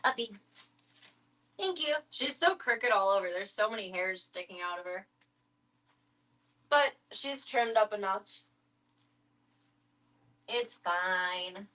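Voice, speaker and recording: A woman's voice: medium pitch, lively intonation, slow, pauses often, bright, forceful tone. Chatty woman streaming with her pets. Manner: coos baby talk at her pets; chatty and wry. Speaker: live streamer. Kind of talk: casual stream chat. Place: at home.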